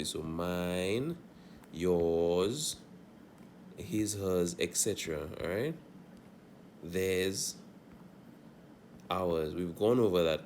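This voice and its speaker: A man's voice: deep voice, slight background noise. A man teaching a Spanish grammar lesson, going over examples and checking in often with "all right?".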